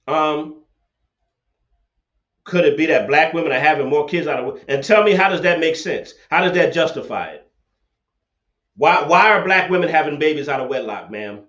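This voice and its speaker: Speaking at a normal pace with long pauses, this man's animated, slightly bright voice sits on the high side. He runs a livestream call-in debate, preachy and confrontational, hammering the same points again and again. The laptop webcam audio sounds dull, echoey and lo-fi.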